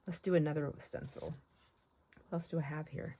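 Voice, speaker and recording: A woman's voice: deep voice, steady tone, normal speed, warm tone, a little hiss or hum. A middle-aged woman chatting casually while she paints, rambling and laughing often. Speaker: craft vlogger.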